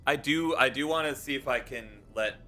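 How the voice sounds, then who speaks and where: A man's voice: medium pitch, brisk, sharp tone, soft background music. A young man streaming a game late at night, chatting casually, reading viewers' messages aloud and encouraging them. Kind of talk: casual live-stream chat while gaming.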